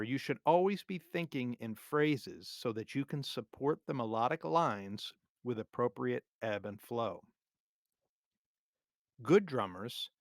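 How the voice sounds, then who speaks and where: A man teaching music theory for drummers in a scripted, measured, clearly explained lesson narration. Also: medium pitch, dry recording, studio quality. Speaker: drum teacher.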